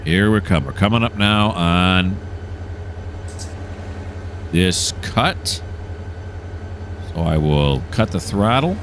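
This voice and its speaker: Low-voiced man narrating a train game. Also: lively intonation, takes it slowly, long pauses, a bit bright, a little hiss or hum. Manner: enthusiastic, explains each step as he plays. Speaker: gameplay streamer. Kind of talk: casual gameplay commentary.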